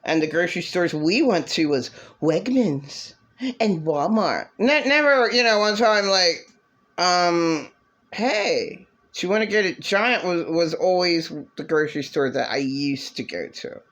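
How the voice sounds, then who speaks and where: A woman ranting angrily about her past, bitter and swearing, now and then mocking others in a shrill voice. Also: animated, unhurried, lo-fi sound. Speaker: vlogger. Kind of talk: angry personal rant.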